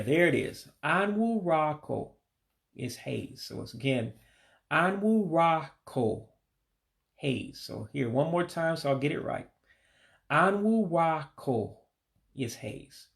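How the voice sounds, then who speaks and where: A man with a deeply gravelly, fry-heavy voice walks through a short vocabulary list. He talks casually and patiently, repeating each word slowly and owning up when he trips over one. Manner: patient, repeats words slowly, admits stumbles. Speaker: language learner teaching vocabulary.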